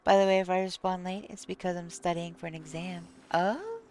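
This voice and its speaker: A woman's voice: fairly low pitch, fairly quick, a little mellow, slight background noise. A woman live streaming, chatting casually with viewers, reading chat aloud and playing with how words are pronounced. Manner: reads chat aloud and plays with word pronunciations.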